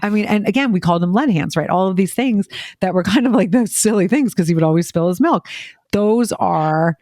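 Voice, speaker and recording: A woman chatting casually as a parent on a podcast, telling quick, filler-heavy stories and acting out what people said. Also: mid-range voice, expressive, darkish tone, no room sound, studio quality. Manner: rapid, filler-heavy storytelling, acting out quoted voices. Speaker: parent guest.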